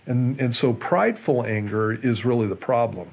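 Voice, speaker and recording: A man, a pastor, explaining a Bible passage in a relaxed Q&A show, earnest and often restarting and repeating his words. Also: mid-range voice, normal speed, gravelly, husky, highs cut off. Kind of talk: conversational Bible teaching in a Q&A show.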